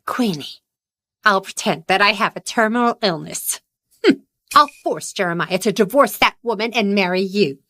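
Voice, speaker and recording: A woman's voice: mid-range voice, expressive, normal speed, a bit bright, no echo. An actress voicing a domineering older mother who fakes illness to get her way, in a dubbed drama, scolding and theatrical. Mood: scheming. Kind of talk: dubbed short-drama acting.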